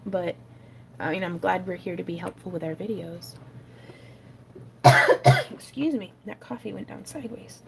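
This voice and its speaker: Chatty woman with a gravelly voice. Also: on the low side, a little slow, pauses often, background noise. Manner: chatty, rambling, laughs often, many fillers. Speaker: craft livestream host. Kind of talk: casual chat while making jewelry.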